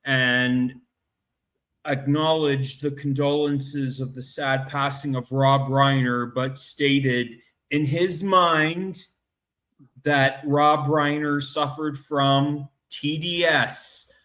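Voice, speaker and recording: A man hosting a casual talk radio chat, slow, chatty and rambling. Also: mid-range voice, fairly even intonation, a bit bright. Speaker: host.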